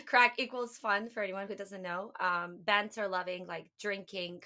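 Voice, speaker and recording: A woman hosting a podcast, introducing her guest and asking measured questions. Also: medium pitch, fairly even intonation, pushed and bright. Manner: friendly, measured questions with fillers. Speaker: podcast host. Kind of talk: podcast interview.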